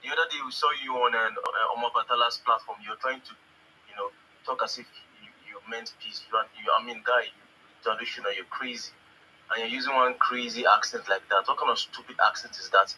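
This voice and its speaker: A man's voice: mid-range voice, fairly even intonation, fairly quick, pushed and bright, slight background noise, poor audio. A man on a live audio chat, delivering an angry, profane political rant and sometimes mimicking other people's voices.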